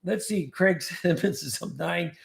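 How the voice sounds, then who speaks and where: High gravelly man reading chat. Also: a little slow, reverberant. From California. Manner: jokey, reads viewer comments aloud. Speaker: livestream host reading chat. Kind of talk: casual livestream chat.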